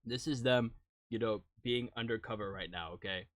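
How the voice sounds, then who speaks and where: A man casually talking through a live-stream reaction, teasing his viewers, laughing and jumping suddenly from quiet to loud. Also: lowish voice, normal speed, dry recording, studio quality. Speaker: streamer reacting to music videos.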